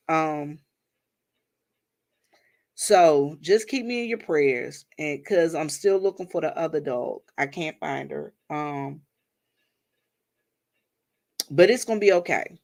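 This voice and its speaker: A woman's voice: sits low, measured pace, long pauses. A woman hosts a casual livestream from home, talking to her viewers like family. She greets them by name and drops churchy phrases into the chat, recorded on a simple phone or webcam mic. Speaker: livestream host.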